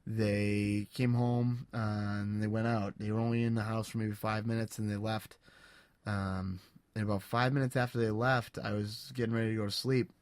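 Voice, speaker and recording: Young man, podcast storyteller, low voice, monotone, full of restarts, dry recording. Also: no echo. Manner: halting, many restarts and fillers, earnest. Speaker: podcast co-host. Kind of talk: casual storytelling.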